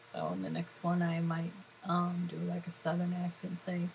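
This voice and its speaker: A middle-aged woman talks casually to her viewers. She rambles and chats freely and laughs often, in a somewhat low voice. A faint hum of room ambience sits behind her. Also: completely flat delivery, normal speed, vocal fry, darkish tone, poor audio. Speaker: vlogger.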